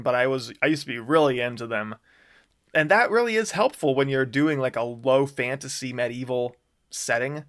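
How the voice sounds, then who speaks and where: Man, mid-range voice, author chatting about his own book, relaxed rambling delivery full of chuckles. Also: mid-range voice. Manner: chuckles often, loose and rambling with fillers. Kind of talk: casual commentary on his own writing.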